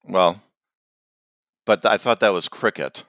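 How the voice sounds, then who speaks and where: A man's voice: sits low, unhurried, a bit bright, no echo. A man co-hosting a comedy podcast with a meandering, self-deprecating, dry manner in casual banter. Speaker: podcast co-host.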